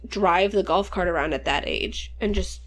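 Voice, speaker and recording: A woman's voice: on the low side, normal speed, fairly bright tone, slight background noise. A woman in her twenties telling rambling, profane childhood stories in casual podcast chat. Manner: rambling, profane, laughing storyteller. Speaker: podcast co-host.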